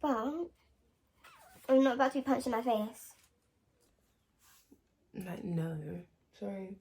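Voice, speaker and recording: A woman's voice: on the high side, lively intonation, takes it slowly, a little mellow. A young woman, telling a story to camera in a casual vlog, rambling with lots of slang, swearing and filler words. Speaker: vlogger.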